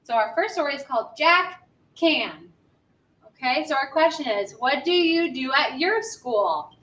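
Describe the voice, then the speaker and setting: Woman, first grade teacher, remote reading lesson, high voice, unhurried, gentle questions. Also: expressive. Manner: slow, gentle, encouraging with questions.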